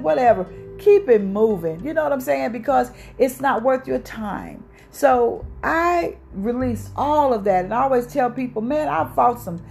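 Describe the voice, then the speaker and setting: Animated woman giving a motivational talk. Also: medium pitch. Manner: animated, preachy, laughs often. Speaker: motivational speaker.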